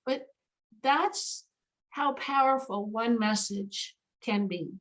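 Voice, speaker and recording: A woman, a guest animal communicator, telling a story in an interview in an emphatic, lively way with many fillers. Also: fairly high pitch, slow, low-quality recording.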